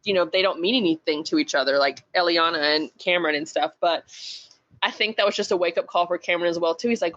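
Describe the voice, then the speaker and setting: A woman's voice: on the low side, fast talker, fairly bright tone. Chatty woman on slightly muffled audio. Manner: chatty, filler-heavy, laughs often. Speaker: author guest. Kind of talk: casual podcast chat.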